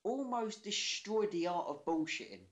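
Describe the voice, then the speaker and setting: A man's voice: sits high, animated, normal speed, slight background noise. A man co-hosting a casual podcast chat, telling facts and jokes with sweary confidence. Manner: sweary, jokey, confident storytelling. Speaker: podcast co-host.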